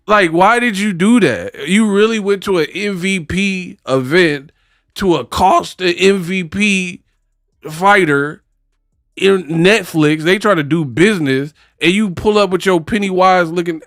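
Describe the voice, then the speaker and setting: Slow-talking man hosting a casual live stream. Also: high voice, no echo, clean studio sound. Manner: animated, laughing, slangy banter with viewers. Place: home set under hot lights.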